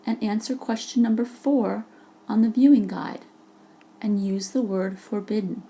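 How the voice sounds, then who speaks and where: Woman teacher doing a slide lesson voice-over, slow and patient, bit of fry in her voice. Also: medium pitch, steady tone, mellow. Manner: slow, patient, explaining with examples. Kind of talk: vocabulary lesson narration. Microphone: voice-over for a slide presentation.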